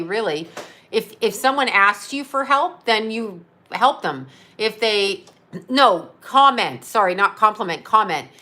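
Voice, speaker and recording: A woman's voice: medium pitch, pushed and bright. Blunt, profane woman in her fifties. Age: 50s. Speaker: psychic medium hosting a live stream. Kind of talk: casual live-stream chat reading viewer comments.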